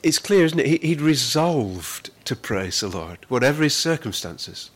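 A man preaching a sermon as pastor, earnest, with frequent repeated words, who slows down to stress the scripture he reads. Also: medium pitch, sing-song, slightly rough.

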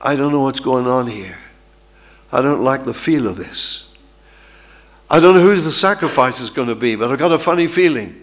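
A man's voice: medium pitch, animated, moderate pace, natural voice. A male preacher voicing a puzzled, uneasy young boy who keeps asking questions in a sermon retelling.

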